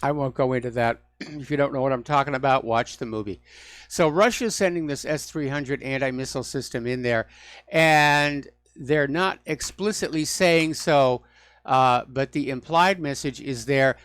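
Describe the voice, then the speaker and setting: A man's voice: medium pitch, moderate pace, a bit bright, clear, resonant tone, no echo. A man hosting a call-in radio talk show, delivering opinionated, mocking rants.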